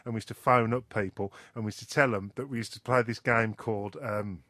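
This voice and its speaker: A man's voice: lowish voice, quick pace, dry recording. A man, hosting a local radio show in casual banter and telling stories with lots of laughter. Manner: animated storyteller, laughs often. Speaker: radio host.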